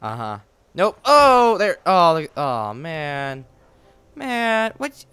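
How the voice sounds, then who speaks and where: A man riffs through a video game playthrough, teasing the characters on screen and reacting loudly to every surprise. His voice sits a little high and leaps around in pitch. The commentary is light and jokey throughout. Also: extremely slow, clean tone, dry recording. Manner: excitable, joking, talks back to game characters. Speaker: gaming channel host. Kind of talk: let's play commentary.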